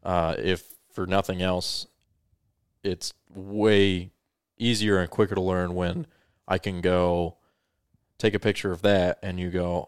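Man, very low voice, casual live-stream co-host, explanatory, close dry sound. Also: level tone, unhurried, clear, resonant tone, no room sound. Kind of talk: casual chat.

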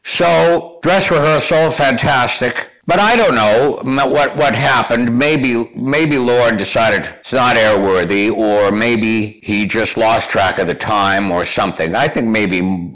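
A man's voice: lowish voice, unhurried, hardly any pauses, a bit bright. An older man from Canada, a guest telling long rambling anecdotes with restarts and chuckles. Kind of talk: conversational storytelling.

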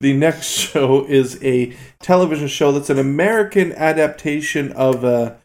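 A man's voice: on the high side, normal speed, few pauses, a little mellow. A man co-hosting a podcast, joking around in a mock-serious, casual way. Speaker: podcast co-host. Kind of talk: casual chat.

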